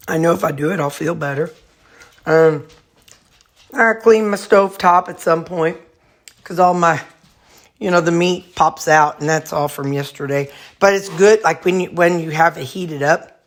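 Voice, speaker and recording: A woman vlogging casually at home, rambling through her chores and morning routine while talking to her dogs. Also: on the low side. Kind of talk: casual home vlog chat. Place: at home, kitchen and storage room.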